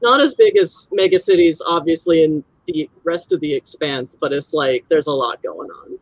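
A woman's voice: on the low side, animated, normal speed, creaky, no echo, pitched below the performer's own voice, poor audio. A woman playing a laid-back young street dealer. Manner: easygoing, rambling with fillers.

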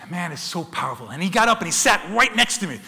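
A man's voice: high voice, sing-song, quick pace, sharp tone. A man giving a wildlife photography talk, telling dramatic stories and acting out sounds and voices as he addresses the audience as folks. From United States. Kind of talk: lively storytelling presentation to an audience. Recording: long hall reverb.

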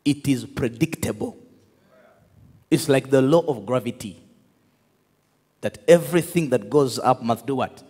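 A man preaching a sermon, telling stories with laughter and shouting out to his congregation. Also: medium pitch, measured pace, pauses often, husky. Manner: animated storytelling, laughs, shouts to the crowd. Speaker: pastor. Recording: echoey hall with long reverb.

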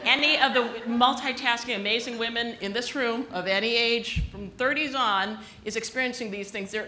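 A keynote speaker with a mid-range voice delivers a funny talk to a live audience at a conference, sharing chatty stories that poke fun at herself. The recording is echoey, with a noisy background.

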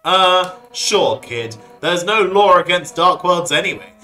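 A streamer voicing a loud, brash monster police chief from a video game, barking at a kid with punchy energy. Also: medium pitch, expressive, unhurried, soft background music. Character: brash tough fish-woman police chief.

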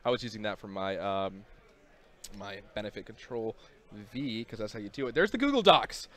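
A young man hosting a casual game studio livestream, joking and talking to the chat in an excitable way. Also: fairly low pitch, moderate pace. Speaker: community host on a game studio stream.

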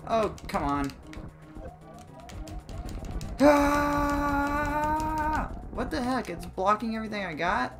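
Excitable man commentating a game. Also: brisk. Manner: excitable, jumps into high squeaky exclamations; comically dramatic complaining. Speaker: let's play gamer. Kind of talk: let's play commentary. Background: faint game music.

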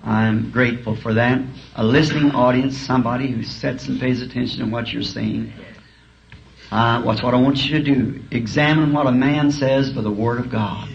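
A man's voice: medium pitch, steady tone, moderate pace, creaky. A male preacher telling humorous, folksy stories in a sermon, chuckling as he talks. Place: school auditorium. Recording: dull lo-fi archive tape, faint hiss.

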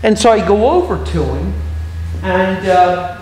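A middle-aged man, an evangelist, telling a story in a sermon with lively humorous asides, recorded in a church hall. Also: high-pitched, a little slow, a little hiss or hum. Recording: very echoey hall, faint ambience.

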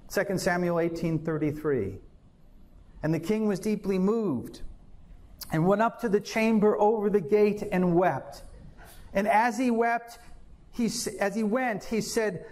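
Male pastor, higher-pitched voice, earnest sermon delivery with dramatic scripture readings.

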